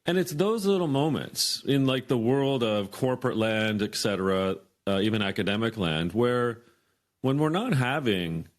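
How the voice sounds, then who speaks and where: A man in his fifties, a podcast guest, telling a workplace story in a lively way and acting out the dialogue. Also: mid-range voice, normal speed. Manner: animated storyteller, acts out quoted dialogue. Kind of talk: storytelling in an interview.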